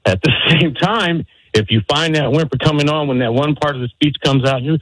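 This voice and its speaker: A man's voice: mid-range voice, lively intonation, a little fast, few pauses, fairly bright tone, no echo, rough recording. A man calling into a sports radio show, folksy as he gives friendly advice. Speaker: radio caller.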